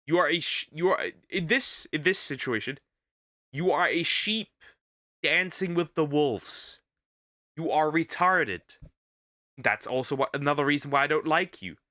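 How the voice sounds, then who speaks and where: Blunt, bright-voiced man ranting. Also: a little high, unhurried, dry recording, studio quality. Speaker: VTuber reaction streamer. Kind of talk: casual reaction commentary.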